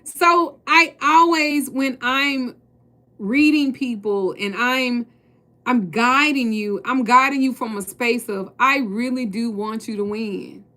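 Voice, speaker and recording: A woman's voice: on the high side, slow, bright, forceful tone. Blunt, preachy woman tarot reader. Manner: blunt, preachy, swears freely. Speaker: tarot reader and spiritual coach. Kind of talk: casual talk to viewers.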